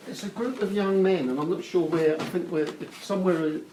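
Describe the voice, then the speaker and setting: A man's voice: sits high, a little fast. A politician, a man, telling an amused anecdote in an interview. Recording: noisy clip.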